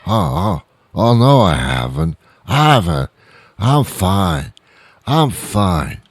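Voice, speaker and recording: A man's voice: fairly low pitch, huge pitch swings, takes it slowly, creaky, no echo, clean studio sound, pitched above the performer's own voice, exaggerated voice. A man voicing a sloppy, affectionate drunk man who keeps repeating himself and begging for hugs. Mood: clingy. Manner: slurring, repetitive, pleading for hugs.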